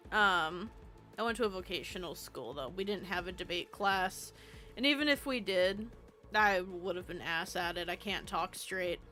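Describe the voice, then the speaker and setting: A woman's voice: mid-range voice, sharp tone. A young woman streaming while she builds in a game, chatting in a rambling, self-deprecating way and swearing freely, with faint game music behind her.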